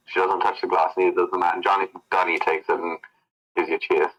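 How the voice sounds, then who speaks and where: A man narrating as game master of a tabletop game, telling the scene in a casual, relaxed way. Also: low voice, fast, poor audio.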